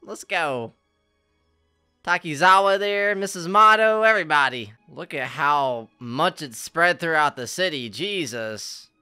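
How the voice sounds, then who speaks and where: A man's voice: a little high, expressive, unhurried, bright, forceful tone, smooth, faint music behind. A man reacting to an anime finale in casual, emotional commentary, exclaiming and laughing often. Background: anime soundtrack playing faintly.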